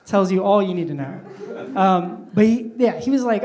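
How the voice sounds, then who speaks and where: Speaking quickly in a high, slightly mellow voice, a middle-aged man does a stand-up set at a comedy club, rambling conversationally and saying "like" a lot. Recorded by a distant mic, the roomy club audio carries audience laughter behind him.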